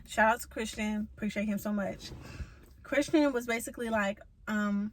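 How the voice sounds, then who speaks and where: A woman's voice: fairly high pitch, steady tone, normal speed, slight background noise, poor audio. A young woman telling a car-trouble story in a vlog, venting with profanity and emphatic rhetorical asides. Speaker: vlogger.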